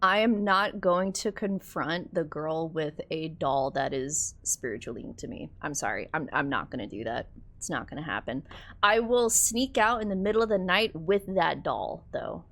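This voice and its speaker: A woman's voice: low-pitched, moderate pace, a bit bright. A woman streaming a game, reacting with laughter and swearing as she talks to chat. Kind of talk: casual game commentary.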